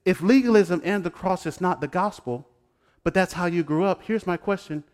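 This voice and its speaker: A pastor preaching a sermon who teases his congregation and swings between hushed asides and loud exclamations. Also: high-pitched, moderate pace. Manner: talks straight to the congregation, joking and teasing. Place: church sanctuary. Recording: long hall reverb.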